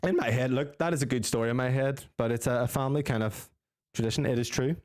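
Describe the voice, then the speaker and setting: A young man, telling a sweary, animated story as a podcast co-host. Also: mid-range voice, fast talker, no room sound, studio quality. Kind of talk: casual storytelling with friends.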